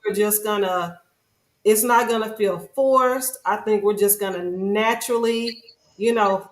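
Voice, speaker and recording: A woman's voice: mid-range voice, a bit bright. Earnest woman host in a roomy space. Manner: earnest, talks in long rambling stretches. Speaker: podcast host. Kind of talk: casual chat. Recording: roomy echo.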